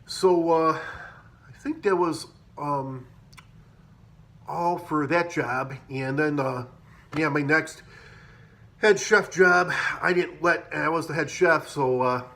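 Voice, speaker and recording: A man's voice: a little high, slow, vocal fry, long pauses, sharp tone. A man telling rambling, profane stories about restaurant kitchens in a casual monologue, full of fillers and restarts. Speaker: podcaster telling work stories.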